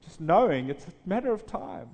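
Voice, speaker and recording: A man's voice: high voice, sing-song, normal speed, darkish tone. A man, a pastor, telling a personal story in a sermon, earnest and full of restarts. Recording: reverberant hall.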